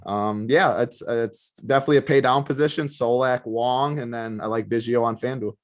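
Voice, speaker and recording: A man giving fantasy sports picks in casual talk, matter-of-fact and brisk. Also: medium pitch, steady tone.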